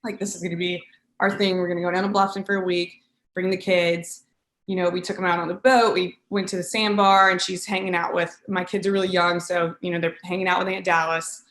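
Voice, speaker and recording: A woman around thirty recounting a painful family memory, halting with many pauses and fillers. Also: lowish voice, level tone, fairly bright tone, roomy sound. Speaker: interviewee. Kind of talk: emotional personal recollection.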